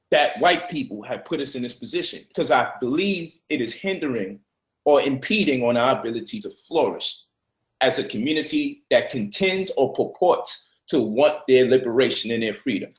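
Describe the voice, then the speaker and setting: A man arguing forcefully in a heated discussion, preaching and swearing freely. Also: mid-range voice, reverberant. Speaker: speaker in a debate.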